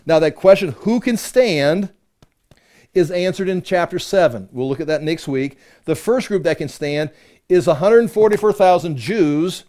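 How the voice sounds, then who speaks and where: A man's voice: on the high side, darkish tone. A man teaching a conversational Bible-study sermon, reading verses aloud with emphasis and explaining them with rhetorical questions.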